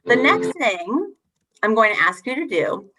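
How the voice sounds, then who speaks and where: A young adult woman facilitating an online teacher workshop over a video call, encouraging and animated as she rereads lines with emphasis. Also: a little high, measured pace, faint music behind.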